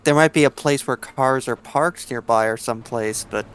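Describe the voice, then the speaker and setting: A man's voice: medium pitch, moderate pace, a bit bright, a little hiss or hum. A man helping a friend through a video game, dry and sarcastic. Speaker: game guide. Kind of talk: let's play co-commentary.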